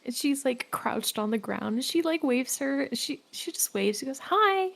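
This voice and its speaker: A woman's voice: high voice, moderate pace, gravelly. A woman playing a tabletop game, chatty and giggly as she describes her character. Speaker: player. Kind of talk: casual chat at game table.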